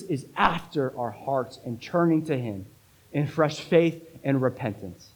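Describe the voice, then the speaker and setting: A male pastor preaching a sermon with emphasis, repeating key phrases and swinging between loud and hushed delivery. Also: medium pitch, lively intonation, measured pace, slightly rough, poor audio.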